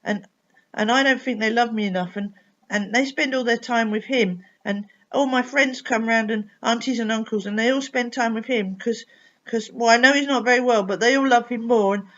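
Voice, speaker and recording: A woman's voice: fairly high pitch, normal speed, a bit bright, close to an everyday voice. A woman voicing a small childlike anger creature that complains in a rambling, stammering way. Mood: aggrieved. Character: sulky little anger creature, childlike and tearful. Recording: dull lo-fi recording.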